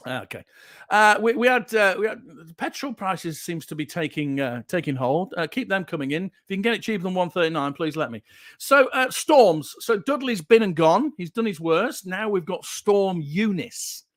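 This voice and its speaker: Man hosting a livestream, jokey and chatty, high lively voice, dry close sound. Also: normal speed, dry recording. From Yorkshire, England. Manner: jokey, chatty, reads viewer comments. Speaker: livestream show host. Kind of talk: casual livestream chat.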